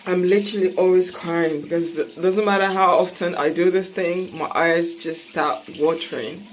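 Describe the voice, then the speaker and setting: A woman's voice: fairly low pitch, fairly even intonation, normal speed, slight background noise, low-quality recording. A woman beauty vlogger from Sierra Leone chatting casually at home, self-mocking and chatty. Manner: chatty, self-mocking, breaks into laughs and groans. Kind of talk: casual chat.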